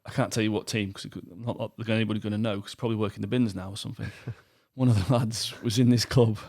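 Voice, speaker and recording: A man, co-hosting a goalkeeper podcast and telling an animated night-out story with lots of acted quotes. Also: lowish voice, quick pace, no room sound, studio quality. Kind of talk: casual chat, telling a story.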